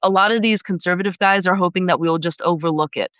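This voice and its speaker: A woman's voice: fairly low pitch, quick pace, a bit bright, clear, resonant tone, no echo. A woman talking about dating as a podcast guest, in a blunt, wry, chatty way. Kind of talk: casual conversation.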